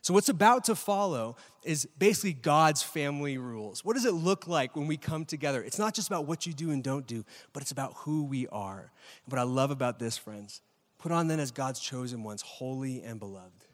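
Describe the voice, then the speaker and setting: Speaking a little fast, this thirtysomething pastor has an expressive voice on the high side and delivers his sermon conversationally, quizzing the crowd and frequently adding "right?". The live church-hall setting gives the audio a long, large-hall reverb.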